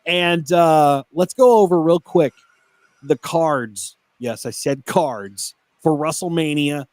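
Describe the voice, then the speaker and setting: A man with a slightly high voice hosts a laid-back wrestling podcast. He jokes with his co-hosts and throws in ring-announcer hype introductions, recorded in a dry, close room. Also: takes it slowly, darkish tone, dry recording. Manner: joking, announcer-style introductions. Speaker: podcast co-host. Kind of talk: casual wrestling podcast banter.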